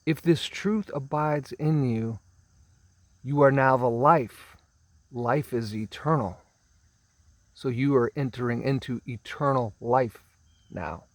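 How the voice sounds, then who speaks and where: A man giving a spiritual teaching talk, speaking slowly and emphatically, drawing out and repeating words and often clearing his throat. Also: mid-range voice, dry recording. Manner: slow, emphatic, drawn-out phrasing with repeated words.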